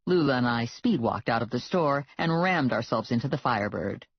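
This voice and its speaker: An audiobook narrator reading a first-person comic novel in a wry, deadpan manner. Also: mid-range voice, normal speed, slightly rough. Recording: dull lo-fi, dry.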